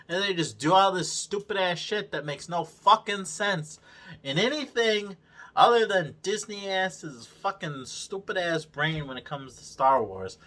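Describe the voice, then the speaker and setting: A man's voice: high voice, animated, unhurried, sharp tone. A man giving a casual, profanity-heavy review rant, mocking and exasperated, retelling scenes in his own words. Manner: swears constantly, mocking and exasperated; retells scenes by acting out characters' lines. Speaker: video reviewer.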